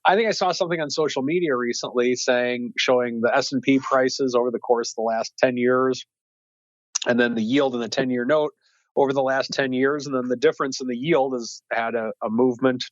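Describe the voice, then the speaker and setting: A wealth manager talking through bond and stock markets in casual commentary, thinking aloud with many fillers and restarts. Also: male voice, medium pitch, steady tone, fairly quick, no echo, highs cut off.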